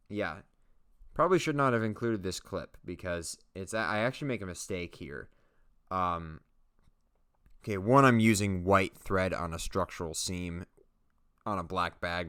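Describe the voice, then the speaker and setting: Deep, smooth-voiced man rambling casually. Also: bright, forceful tone. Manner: rambling, self-mocking, jokey asides. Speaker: leatherworking channel host. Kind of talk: casual voice-over commentary on his own footage.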